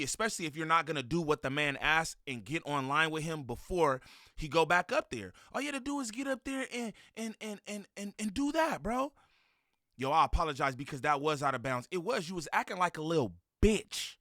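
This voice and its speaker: A man with a high, bright, sharp voice heckles and mocks in a loud reaction commentary. The sound is dry and close, with no room around it. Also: animated, brisk, no room sound.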